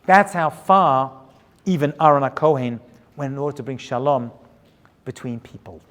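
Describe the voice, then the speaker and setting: A man teaching as a rabbi in an animated, rhetorical storytelling style that keeps checking in with his listeners. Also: mid-range voice, normal speed. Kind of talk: sermon-style lecture with storytelling. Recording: long hall reverb.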